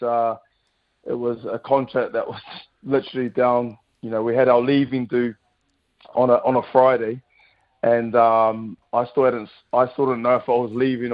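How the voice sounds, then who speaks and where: On a muffled recording, a man in his thirties with a medium-pitched voice and a New Zealand accent talks as a guest rugby player on the radio. He sounds laid-back and chatty, filling his speech with plenty of fillers.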